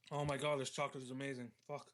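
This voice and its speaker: A man's voice: medium pitch, level tone, very fast, fairly bright tone. A man co-hosting a casual internet radio chat, swearing freely and laughing easily. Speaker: co-host.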